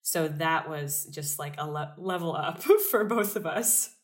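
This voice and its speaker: Guest: young American woman with a very low voice, chatty, filler-heavy. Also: measured pace. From United States. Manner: chatty, many fillers and restarts. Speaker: interview guest. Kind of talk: casual conversational interview.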